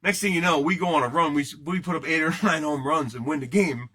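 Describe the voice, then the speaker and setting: A man's voice: a little high, fast talker, pushed and bright. A man hosting a casual live card break, joking and rambling as he chats with viewers while opening packs. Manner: joking, rambling, banters with chat.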